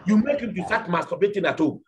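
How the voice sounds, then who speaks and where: A man's voice: high voice, animated, fast, crowd noise. A man preaching a fiery sermon, repeating lines and firing off rhetorical questions.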